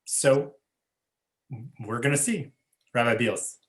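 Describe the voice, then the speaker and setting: A man, a rabbi teaching an online class, speaking in a measured way with many fillers and frequent "right?" tags over a video call. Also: medium pitch, lively intonation, a bit bright.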